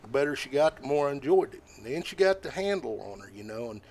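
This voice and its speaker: An older man, a podcast guest telling stories in a folksy, rambling way, often halting with fillers. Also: medium pitch, very animated, a little mellow. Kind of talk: casual storytelling.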